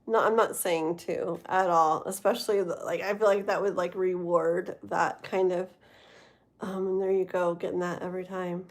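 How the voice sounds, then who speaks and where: A woman's voice: on the low side, level tone, moderate pace. A woman hosting a live tarot stream, chatting casually to viewers, rambling with lots of fillers and frequent laughs. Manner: rambling, many fillers and trailing thoughts; talks to chat viewers, laughs often.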